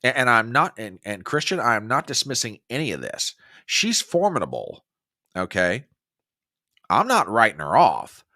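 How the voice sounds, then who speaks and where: Animated, forceful political talk-show man. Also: mid-range voice, normal speed, no echo, studio quality. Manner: emphatic and animated, with frequent restarts. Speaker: host of a conservative political podcast. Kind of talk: opinionated political commentary.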